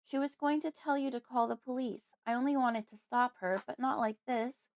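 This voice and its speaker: A woman's voice: a little high, normal speed, a little mellow, no echo, pitched above the performer's own voice, natural voice. A woman voicing a frightened five-year-old girl who pleads through tears in an audiobook. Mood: tearful. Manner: tearful, pleading. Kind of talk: audiobook character voice.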